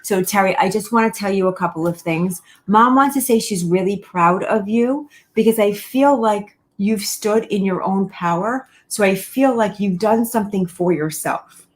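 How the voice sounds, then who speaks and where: A woman giving a live online reading as a medium, addressing viewers by name, repeating key words and reassuring them gently. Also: mid-range voice, normal speed.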